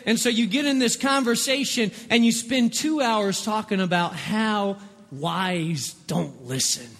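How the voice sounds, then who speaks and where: High-voiced man preaching in a reverberant hall. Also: a little slow, fairly bright tone. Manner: preachy, repeats words in bursts, acts out quoted voices. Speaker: pastor. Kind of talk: sermon.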